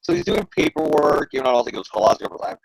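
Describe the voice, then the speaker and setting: Gravelly, animated man in casual chat. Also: on the high side, very fast, low-quality recording. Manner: animated, profane, jokey. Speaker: podcast co-host. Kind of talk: casual comic-book discussion.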